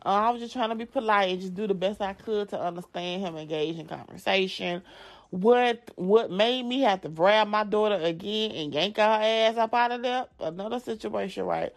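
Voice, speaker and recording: A woman, telling a story to her viewers in a blunt, profane, animated way. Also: medium pitch, moderate pace. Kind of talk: casual storytime vlog.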